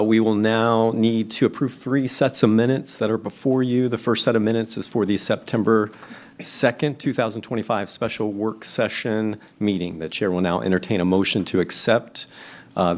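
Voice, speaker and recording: A man chairing a school board meeting, running through motions and votes in a steady, procedural way with occasional fillers. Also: lowish voice, normal speed. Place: public meeting chamber.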